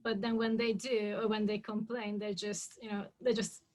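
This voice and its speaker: A woman interviewer asking questions in a measured, conversational way. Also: medium pitch, little pitch movement, darkish tone.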